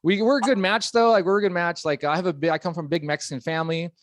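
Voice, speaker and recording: A man's voice: high-pitched, fairly even intonation, quick pace. A man in his thirties doing a stand-up comedy set, rambling and self-deprecating with lots of fillers. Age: 30s. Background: audience laughing.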